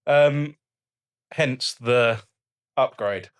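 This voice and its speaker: A man's voice: mid-range voice, drawn-out words, clean tone. A man co-hosting a casual podcast, joking and rambling with mild swearing, on a studio microphone. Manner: jokey, sweary, rambling banter. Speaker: podcast co-host. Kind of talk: casual chat. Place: home podcast setup, indoors. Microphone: studio microphone on a stand.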